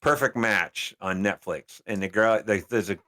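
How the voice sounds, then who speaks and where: A man co-hosting a podcast in casual chat, retelling a show and acting out the quotes in other voices. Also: normal speed. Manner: animated retelling, acts out quotes with swings in pitch. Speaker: podcast co-host.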